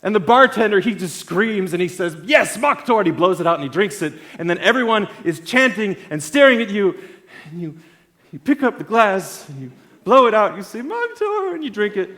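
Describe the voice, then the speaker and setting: A man tells a story from the stage in a keynote talk. His voice sits a bit high and leaps around in pitch. He swings from loud bursts to quiet, low asides. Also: lively intonation, a little fast. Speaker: conference speaker. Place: event stage.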